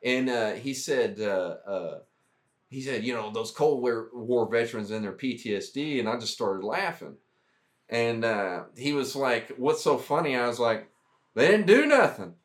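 A man's voice: medium pitch, moderate pace. A man who is a military veteran, chatting casually on a podcast in a laid-back, rambling, self-deprecating way. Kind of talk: casual chat.

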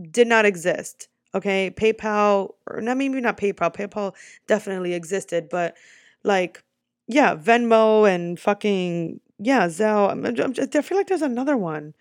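A young woman from the United States telling a personal story to her viewers in a casual vlog, animated and quick, swearing freely. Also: mid-range voice, dry recording, clean studio sound. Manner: animated, swearing, talks fast in bursts. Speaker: vlogger.

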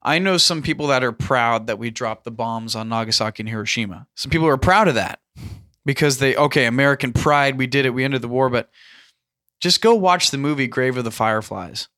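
A man in casual discussion, talking earnestly with many restarts and pauses. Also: medium pitch, pushed and bright. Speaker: podcast host.

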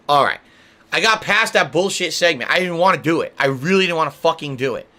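Ranting male streamer, bright voice with a lively swing, profane casual chat. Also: fairly high pitch, moderate pace. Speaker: streamer host. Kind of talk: casual livestream podcast chat.

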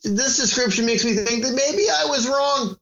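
A man's voice: very high voice, normal speed, fairly bright tone. A man hosting a talk show, chatting casually in a dry, wry way, recorded in an echoey lo-fi room. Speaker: radio show host.

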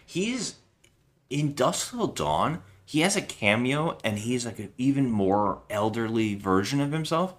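A man's voice: mid-range voice, sing-song, measured pace. A man co-hosting a podcast, chatting casually and ramblingly while he reviews a movie. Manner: chatty, rambling, jokey impressions. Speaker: podcast co-host.

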